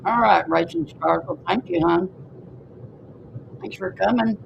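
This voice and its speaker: A man's voice: high voice, a little slow, creaky, dull audio, a little hiss or hum. A man hosting a livestream from a car, joking and thanking viewers by name. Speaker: livestream host. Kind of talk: casual livestream chat. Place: inside a moving car.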